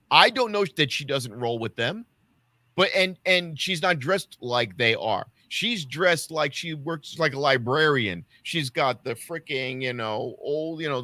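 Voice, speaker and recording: A man on a casual podcast tells stand-up stories with lots of animation, acting out the people in them. His voice is bright and sits a little high. The sound is close and dry, with almost no room. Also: dry recording. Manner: animated storyteller acting out quotes. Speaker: podcast co-host and stand-up comic.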